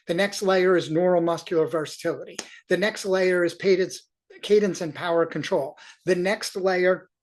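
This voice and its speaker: An upbeat cycling coach talks through workout charts at a mid-range pitch. The delivery is encouraging and loose, full of praise for the athletes, with quick restarts and asides. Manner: enthusiastic and encouraging, loose, self-correcting. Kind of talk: coaching review, walking through workout data on screen.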